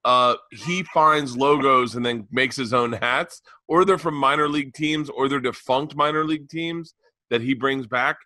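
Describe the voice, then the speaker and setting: Male podcast co-host, bright tone, loose storyteller, swears freely. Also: mid-range voice, moderate pace, dry recording. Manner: rambling storyteller, acts out exchanges; profane. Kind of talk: casual comedic chat.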